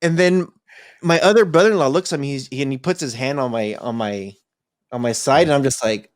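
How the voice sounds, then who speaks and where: A young man chats on a podcast, telling a story with lively energy and slipping into the voices of the people in it. His voice sits at a middle pitch. The sound is dry and close, with little room echo. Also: a little fast. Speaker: podcast co-host. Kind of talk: casual storytelling chat.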